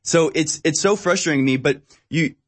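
A man's voice: on the high side, fairly quick. A man in casual conversation who rambles and acts out quotes in mocking voices.

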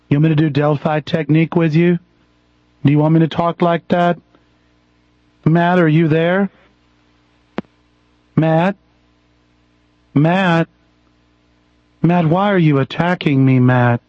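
A man hosting a talk radio show, ranting aggressively and loudly. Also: a little high, fairly even intonation, no echo, lo-fi sound. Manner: aggressive, loud, fast-talking rants.

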